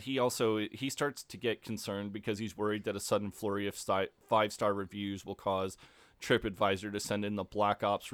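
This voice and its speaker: A man's voice: fairly low pitch, clean tone, dry recording. A man co-hosting a podcast, casually recapping a show with lots of ums and restarts. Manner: laid-back, many ums and restarts, laughs often. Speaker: podcast co-host.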